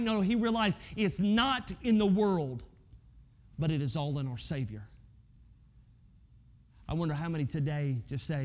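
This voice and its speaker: A preacher with a notably high voice delivers a sermon in a chatty, direct way. He plays out the complaints of imagined listeners, then sinks into hushed, intense stretches to drive a point home. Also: moderate pace, long pauses. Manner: conversational preaching, acts out imagined listeners, drops to soft intense tones. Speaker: pastor.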